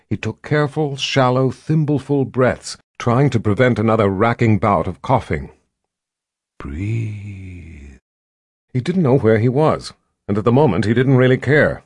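A man narrating a fantasy audiobook with measured, dramatic pacing and drawn-out pauses. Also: medium pitch, a little mellow, no echo, studio quality.

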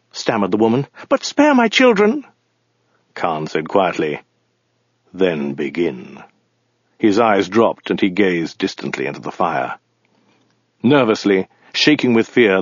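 A man narrates a story in a dry, deadpan manner. His voice sits fairly low. The recording is dry and slightly dull. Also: no echo. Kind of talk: audiobook narration.

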